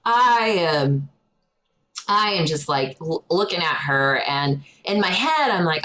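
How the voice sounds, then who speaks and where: This young adult woman co-hosts a podcast, telling a story with lots of energy in a casual chat and acting out quotes loudly. She speaks slowly in a low, sing-song voice that sounds pushed and bright, on a low-quality recording.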